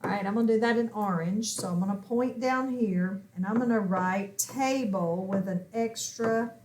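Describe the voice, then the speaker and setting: At a whiteboard, a woman teaches a recorded phonics lesson, patiently posing questions and then answering them herself. Her mid-range voice has a darkish tone and moves at normal speed.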